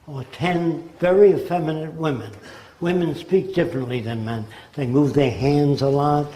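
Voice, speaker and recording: A man's voice: a little high, dark tone. An American man in his nineties giving a conversational public lecture, now and then mimicking accents. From United States. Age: 90s. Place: lecture hall. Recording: roomy hall echo.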